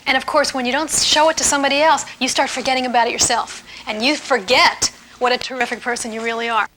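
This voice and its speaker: Woman, seminar speaker, high voice, bright and forceful, playful emphatic delivery. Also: quick pace, slight background noise. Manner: lively, emphatic, playful, laughs while teaching. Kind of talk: live seminar talk to an audience.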